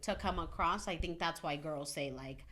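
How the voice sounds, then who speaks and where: Bright-voiced woman in casual chat. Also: deep voice. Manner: chatty, quick to laugh, answers with mm-hmm. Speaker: podcast co-host.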